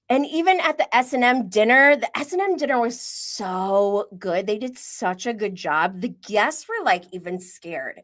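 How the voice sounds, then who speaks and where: A woman's voice: mid-range voice, fairly bright tone. A woman hosting a live-stream reality TV recap, chatty and opinionated, often laughing and acting out quoted asides. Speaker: reality TV commentary host.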